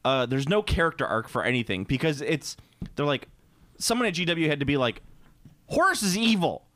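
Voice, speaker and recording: Animated man in casual podcast chat. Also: medium pitch, brisk, no room sound. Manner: animated, swearing, rambling. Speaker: co-host.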